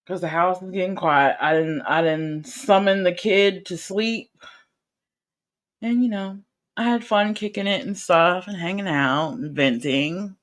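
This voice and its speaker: A woman's voice: fairly low pitch, a little slow. A woman chatting casually on a livestream from home, rambling and playfully teasing her viewers. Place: home at night.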